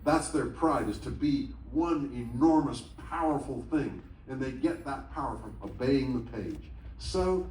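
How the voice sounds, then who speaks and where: Profane, animated man telling stories on stage. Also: mid-range voice, measured pace, few pauses, a little hiss or hum. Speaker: stage storyteller. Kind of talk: solo speaking show. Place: large theatre. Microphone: stage PA, taped on a phone in the audience. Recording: distant, echoey theatre audience recording. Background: faint audience ambience.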